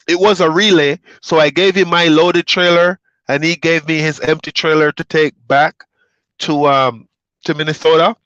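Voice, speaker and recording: Trucker vlogger, a man from Jamaica, fairly high voice, easygoing rambling chat, dry dull recording. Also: dry recording. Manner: relaxed, rambling storytelling with fillers. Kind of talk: casual chat to viewers.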